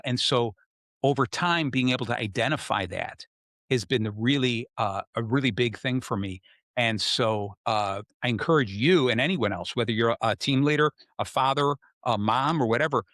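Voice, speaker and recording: A middle-aged man talks through his stories as a podcast host, his voice sitting at an ordinary, even pitch. He lifts into other voices when he quotes people. The sound is close and dry. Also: dry recording. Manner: animated storyteller, acts out quotes. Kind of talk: casual conversation.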